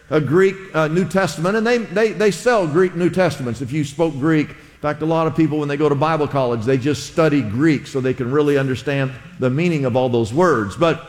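Man, slightly high voice, pastor giving a chatty sermon, has the congregation repeat after him; reverberant church. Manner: conversational, asks the congregation to repeat words. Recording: long hall reverb.

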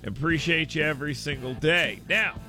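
A male radio host chatting casually on air, telling a story with lively jumps in pitch and loudness for emphasis. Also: normal speed, faint music behind. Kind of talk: casual talk radio monologue. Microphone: studio microphone.

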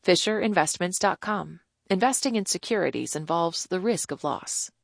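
A woman's voice: lowish voice, lively intonation, moderate pace, creaky, no echo, clean studio sound. Woman announcer reading sponsor credits.

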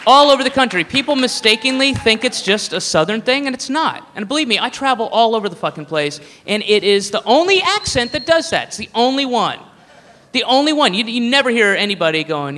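Profane stand-up comic in a reverberant hall. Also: male voice, very high-pitched, very animated, a little fast. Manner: profane, rambling, swings into loud put-on drawls. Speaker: stand-up comedian. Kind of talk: stand-up routine.

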